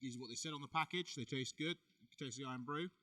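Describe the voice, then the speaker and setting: A man's voice: mid-range voice, fast, bright, forceful tone, far from the mic. A man co-hosting a podcast in casual, teasing banter, laughing often. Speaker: podcast co-host, wrestler.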